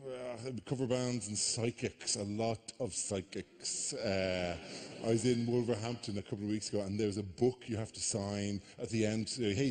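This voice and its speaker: An Irish man performs stand-up in a large theatre, his voice trailing into a long reverberant tail. He tells stories in an animated way and swings into mock outrage. The style is a live comedy routine. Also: on the low side. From Ireland.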